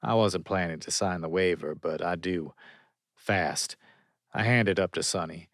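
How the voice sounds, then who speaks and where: A man's voice: low voice, unhurried, a bit bright, no echo, studio quality. A man narrating a romance audiobook in first person, wry and conversational.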